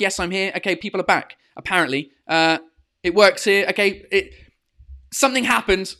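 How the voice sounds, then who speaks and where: A man's voice: high-pitched, normal speed, bright, forceful tone. A man, a comedian, hosting his live-streamed podcast in casual chat, swearing freely, dropping into French, with plenty of filler sounds. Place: home in lockdown. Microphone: podcast microphone.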